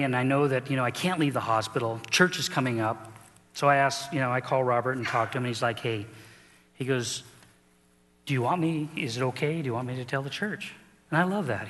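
A man's voice: medium pitch, fairly bright tone, big-room sound. A middle-aged man preaching a sermon as pastor, telling the story with animation and acting out the people in it.

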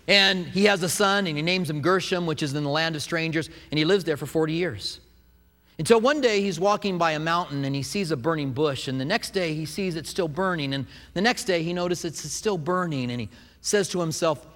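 A man preaching a sermon, retelling a scripture story with animated storytelling. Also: fairly high pitch, fairly quick. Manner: animated storytelling, acts out quotes. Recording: echoey hall.

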